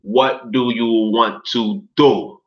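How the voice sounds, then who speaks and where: A man, talking casually in a profane, animated vlog, jumping from low muttering to excited shouts while reading from a website. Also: slow, dull audio. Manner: profane, street slang. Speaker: vlogger.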